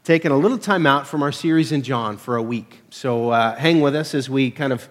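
A man's voice: medium pitch, a little fast. A man preaching a casual, conversational sermon to his church, peppered with "uh" fillers and self-deprecating humor. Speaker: pastor.

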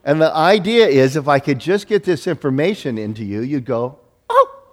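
Middle-aged male pastor, slightly high-pitched, lively storytelling sermon, long hall reverb. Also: moderate pace. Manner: animated, self-deprecating storytelling with many restarts.

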